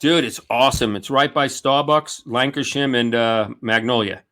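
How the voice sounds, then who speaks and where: A man's voice: mid-range voice, moderate pace, pushed and bright. A man with a New York accent telling a story animatedly on a video call, swearing and acting out quoted voices. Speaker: comedian guest. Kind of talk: casual storytelling chat.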